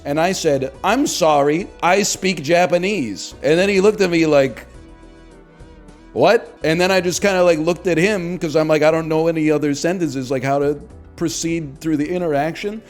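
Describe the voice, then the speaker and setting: A man's voice: on the high side, steady tone, brisk, darkish tone, faint music behind. A man in his thirties telling a rambling, profane, self-deprecating story in casual stream chat. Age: 30s.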